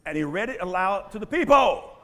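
Animated preaching man in a reverberant hall. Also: high-pitched, a little fast. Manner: animated preaching with call-and-response questions. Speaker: pastor. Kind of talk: sermon. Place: church sanctuary. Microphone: handheld or stand mic.

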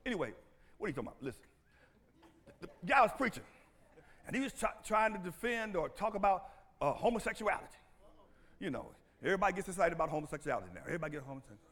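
A man preaching a sermon as pastor, animated and playful, calling out to the congregation and bursting into shouts. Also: sits high, racing, pauses often. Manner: playful, teasing, laughs often.

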